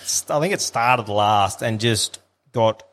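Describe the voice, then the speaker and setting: A man's voice: fairly low pitch, slow pace. An Australian man in casual podcast chat, blokey and loose with his language. He tells stories with plenty of energy, dropping swear words as he goes. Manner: blokey, swears freely, animated storytelling. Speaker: podcast co-host.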